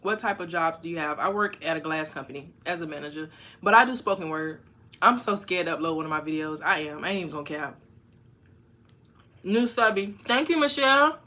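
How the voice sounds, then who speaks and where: A woman on a casual livestream, reading viewer comments aloud and answering them frankly, with sudden loud bursts. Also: on the low side, animated, fairly quick. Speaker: YouTuber answering live chat. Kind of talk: casual live-stream chat.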